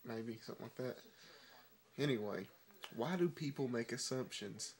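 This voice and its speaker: A man's voice: medium pitch, normal speed. A young man chatting casually in a daily vlog, rambling with lots of fillers and restarts, filmed on a handheld camera in his car and around campus. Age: young adult. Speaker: vlogger. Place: parked car and campus spots, cold day.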